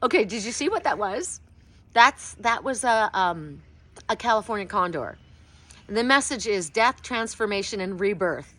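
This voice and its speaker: A middle-aged woman reading oracle cards who talks outdoors in a casual vlog and keeps breaking into high, excited exclamations as she retells her sessions. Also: moderate pace. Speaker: oracle card reader.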